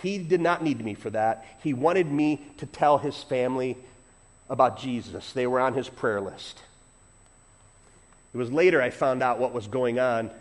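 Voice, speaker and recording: A middle-aged man preaching a sermon as a pastor, telling a personal story, swinging from loud emphasis to quiet asides. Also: medium pitch, normal speed.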